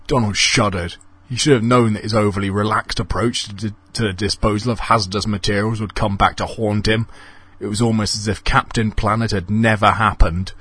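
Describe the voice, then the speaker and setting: A man narrating a comic ghost story in a deadpan, mock-dramatic way. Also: fairly low pitch, fairly quick, breathy edge, no room sound.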